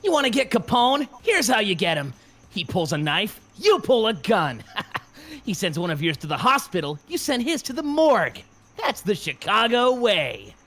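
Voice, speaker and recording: A man voicing a gruff, worn-down young gangster, sounding a little congested. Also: high voice, very animated, moderate pace, a bit bright, voice pushed up, full character voice. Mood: tough.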